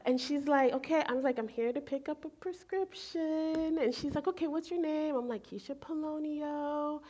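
A woman in her forties preaching, telling a personal story in an animated way and acting out her own thoughts. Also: high-pitched, moderate pace. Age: 40s. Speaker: pastor. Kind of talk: sermon storytelling.

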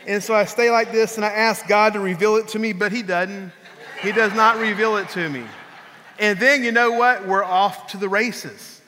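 A man in his fifties, a pastor preaching a conversational sermon, telling stories and acting out quotes. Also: high voice. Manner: conversational storytelling, animated, acts out quotes. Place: church. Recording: long reverb of a large hall.

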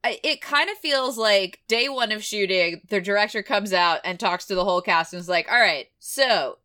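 Bright chatty woman co-host, laughs a lot, casual movie talk. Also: medium pitch, normal speed, smooth. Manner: chatty, laughs often, frequent "like" fillers. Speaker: podcast co-host reviewing films. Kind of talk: casual film-review chat.

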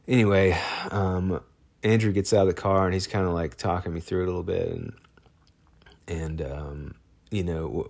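Deep gravelly man telling a personal story. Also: a little mellow. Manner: halting, many fillers and restarts. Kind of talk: personal story told casually.

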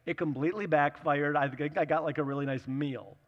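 Bright, chatty preacher man in a big echoing hall. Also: fairly high pitch, fairly quick, few pauses, muffled recording. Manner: chatty, animated storyteller acting out the dialogue. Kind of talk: sermon with personal storytelling.

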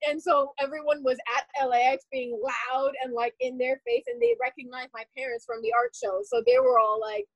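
A young woman telling a personal story in a casual, animated way, with many "like" fillers. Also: high-pitched, no room sound, lo-fi sound. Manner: animated, rapid, full of "like" fillers.

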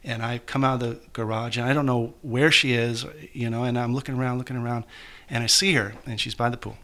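Bright-voiced man telling a personal story. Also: medium pitch, steady tone. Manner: halting, emotional, many restarts. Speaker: guest author.

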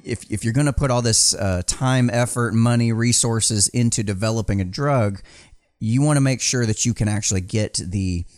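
A man's voice: mid-range voice, moderate pace, a little mellow, no echo, studio quality. A man co-hosting a podcast from a small building, rambling casually with restarts and swearing. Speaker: podcast co-host. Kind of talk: casual chat.

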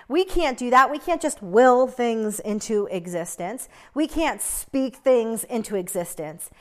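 A young woman teaching a Bible lesson in an earnest, chatty way, often checking in with "right?". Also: on the high side.

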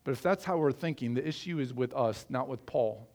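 A man's voice: medium pitch, brisk, a little mellow. A middle-aged man from the American Midwest preaching a sermon, earnest and conversational, asking his listeners questions. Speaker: pastor.

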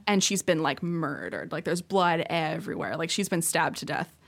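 A woman's voice: deep voice, very animated, normal speed. A woman co-hosting a podcast, retelling a show's plot in casual chat with lots of likes and ums. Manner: rambling, filler-heavy retelling. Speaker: podcast co-host.

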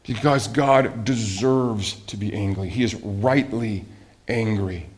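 A man preaching a sermon as a pastor, animated, with rhetorical questions and swings from loud emphasis to quiet asides. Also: fairly low pitch, takes it slowly.

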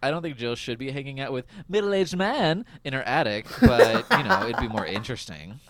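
A young man hosting a podcast, recapping an episode in casual chat, laughing often and filling pauses with "um" and "like". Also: mid-range voice, crowd noise. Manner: laughs often, goofy and animated, lots of fillers. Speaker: podcast host.

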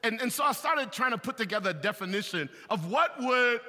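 A man preaching to a large congregation, his voice high and very bright. He swings from loud, animated bursts to hushed confessional passages. The sound rings with long reverb from a big church hall. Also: fairly quick. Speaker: pastor. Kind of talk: sermon.

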